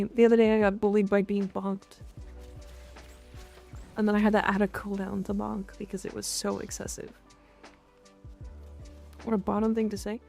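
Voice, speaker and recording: A woman's voice: mid-range voice, creaky, warm tone. A woman streamer chatting playfully with her viewers in a casual live stream.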